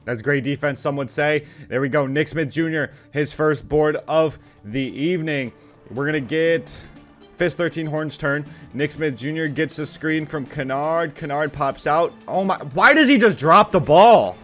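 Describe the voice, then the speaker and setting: With faint music behind him, a gaming channel host in a higher-than-average voice gives loose commentary on his basketball game. He swings from thrilled to irritated, speaking straight to the virtual players in slangy, profane language.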